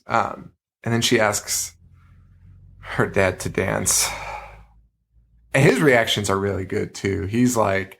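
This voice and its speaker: A man co-hosting a podcast in casual chat, animated, swearing freely and laughing often. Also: on the low side, takes it slowly, vocal fry, pauses often. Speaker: podcast co-host.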